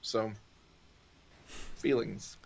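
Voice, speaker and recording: A man in casual group video chat, telling stories playfully with lots of animation, speaking over a video call. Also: drawn-out words. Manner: playful, animated storytelling with laughs. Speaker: improv teacher and guest.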